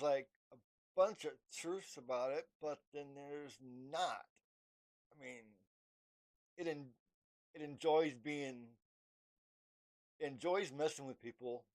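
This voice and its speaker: A young man rambles to his camera in a casual, halting monologue, full of fillers and restarts. His voice sits in a middle pitch for a man. He keeps acting out both sides of imagined exchanges. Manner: halting, many fillers and restarts, acts out dialogue. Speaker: vlogger.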